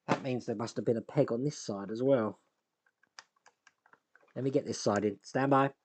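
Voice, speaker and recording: A man's voice: medium pitch, darkish tone. Man thinking aloud over a fiddly build. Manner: thinks aloud while working, self-deprecating, sighs and chuckles. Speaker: host, scale model builder. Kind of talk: casual build commentary.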